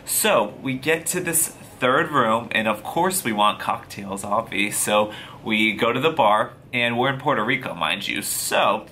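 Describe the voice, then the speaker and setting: Bright-voiced man telling a story. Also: mid-range voice, unhurried, slight background noise. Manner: profane, animated, slangy retelling. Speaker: vlogger. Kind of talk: casual storytelling to camera.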